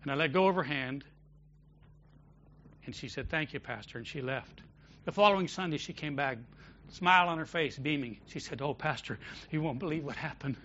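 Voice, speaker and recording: A man preaching a sermon as pastor of a church, shifting between loud emphatic declarations and quiet storytelling. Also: fairly high pitch, normal speed, pauses often, muffled recording, slight background noise.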